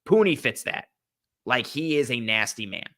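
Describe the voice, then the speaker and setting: This podcast host is a young man chatting loosely about the football draft, rambling through fillers and false starts and humming as he mulls things over. His medium-pitched voice swings widely in pitch, fairly bright in tone, at an ordinary speed.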